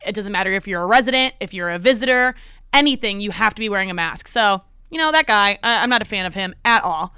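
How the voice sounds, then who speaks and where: A woman's voice: medium pitch, quick pace, clear, resonant tone, no room sound, studio quality. A young woman co-hosting a casual podcast, telling a story with lots of acted-out quotes. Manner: animated storyteller acting out quotes. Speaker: podcast co-host.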